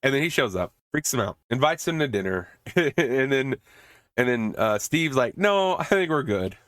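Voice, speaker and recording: A man's voice: mid-range voice, expressive, normal speed, fairly bright tone, no echo. A man hosting a podcast, recapping a movie in a rambling, casual way, swearing often and laughing at it. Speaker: podcast host.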